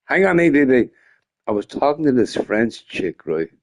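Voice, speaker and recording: A man's voice: medium pitch, very animated, moderate pace. A young man chatting casually on a gaming stream, rambling, swearing freely and often breaking into laughter. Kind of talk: casual live-stream chat.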